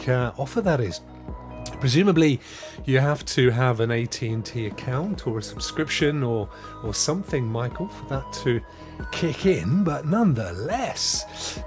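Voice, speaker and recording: Chatty man hosting a livestream. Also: a little high. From England. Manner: chatty, upbeat, laughs often. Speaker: live stream host. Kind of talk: casual live chat, reading viewer comments.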